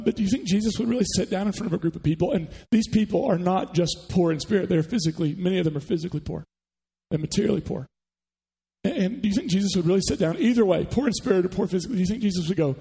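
A man's voice: high-pitched, fast, gravelly, dark tone, slightly rough, in a large hall, poor audio. A man preaching a sermon to a church congregation, talking conversationally and putting questions to the listeners. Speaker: pastor. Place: church sanctuary.

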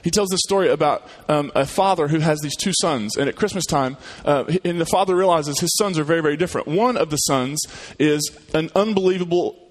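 Male pastor with a slightly higher voice, delivering a relaxed, conversational sermon with restarts. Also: a little fast, few pauses. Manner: conversational storyteller with repeated restarts. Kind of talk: sermon and prayer.

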